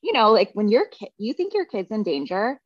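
A woman's voice: medium pitch, big pitch swings, brisk, no echo. A middle-aged woman, a podcast guest and therapy practitioner, telling a personal story in casual chat, frank and profane and full of "like.". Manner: frank, profane, heavy use of "like" fillers. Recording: dry, slightly dull recording.

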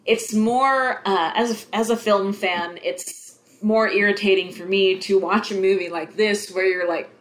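A woman's voice: mid-range voice, fairly even intonation, unhurried, few pauses. A woman co-hosting a casual movie commentary, giggling often and giving thoughtful film-fan opinions. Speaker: podcast co-host.

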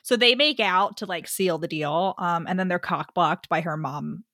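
Bright, wry young woman. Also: lowish voice, moderate pace, dry recording, studio quality. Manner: wry, joking, acts out characters' lines. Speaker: podcast co-host. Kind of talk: casual chat recapping a novel.

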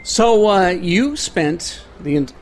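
A man's voice: high voice, animated, takes it slowly, slight background noise. A man hosting a casual chat in a hostel room, asking questions and joking along. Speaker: podcast host.

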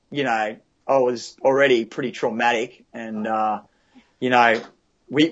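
A man's voice: medium pitch, fairly bright tone, muffled recording. A man, a guest vividly recounting a surf rescue in casual talk, with many restarts and fillers. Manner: vivid, restarts often, fills with "you know" and "like". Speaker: guest telling a surf story. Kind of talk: casual spoken storytelling.

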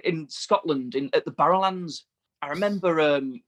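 A man, a touring bass player, telling rambling tour anecdotes in casual chat. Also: normal speed. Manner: rambling storyteller, laughs through anecdotes.

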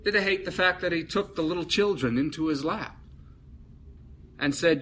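A man's voice: fairly high pitch, normal speed, pauses often, sharp tone, slight background noise. A man preaching a sermon, emphatic, building with repetition and rhetorical questions.

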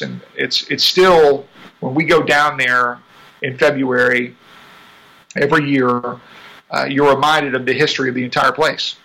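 A man, a racing driver talking casually in an interview, chatty and quick to laugh. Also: medium pitch, creaky, slightly rough, rough recording. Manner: chatty, laughs often, animated asides.

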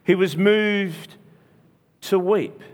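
A man's voice: sits high, drawn-out words. A man preacher retelling a story in a sermon, speaking earnestly, repeating phrases and restarting often. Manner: earnest, repetitive, frequent restarts.

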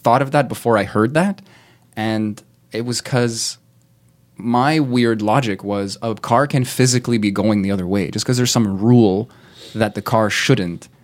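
Male podcast co-host, lowish voice, loose rambling delivery with casual swearing. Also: measured pace. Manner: rambling, laughing, swears often.

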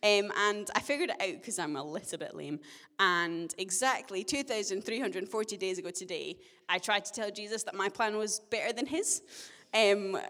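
A woman's voice: medium pitch, normal speed, a bit bright. A young woman speaks from the front of a church, her mid-range voice trailing off into a long hall reverb. She tells her own story in a chatty, self-deprecating way, mixing humor into the sermon.

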